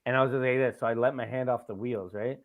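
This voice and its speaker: A podcast host from Canada talks fast in a medium-pitched, steady voice, with slight background noise behind him. He loosely rambles through a long story in casual chat, swears frequently, and often says "right?", all on tinny audio that sounds like a phone.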